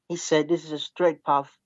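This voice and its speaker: Calm male debater on a dull line. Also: fairly high pitch, a little slow. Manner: calm, keeps asking to finish, reads verses aloud. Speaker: debate guest. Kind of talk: live online debate.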